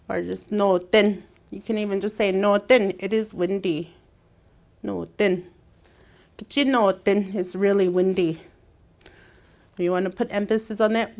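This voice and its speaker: A woman teaching a language lesson, repeating each word slowly and clearly for learners to copy. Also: medium pitch, darkish tone. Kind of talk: slow classroom language lesson.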